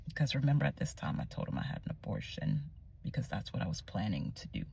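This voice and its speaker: A young woman telling her personal faith testimony in a casual vlog, animated and chatty, often dropping to a near-whisper and searching aloud for words. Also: a bass voice, quick pace, creaky, husky, dull audio. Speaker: Christian vlogger sharing her testimony.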